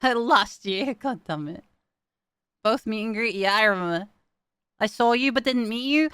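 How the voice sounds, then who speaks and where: A woman's voice: a little high, a little slow, pauses often, a bit bright, clean tone. A young woman streaming, chatting casually with her viewers, giggling often and swearing freely. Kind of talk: casual chat.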